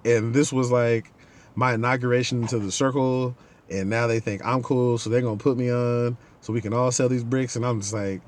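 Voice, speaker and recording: A man hosting a podcast talks fairly quickly at medium pitch, recounting a casual story. He voices the people in it with animated impressions.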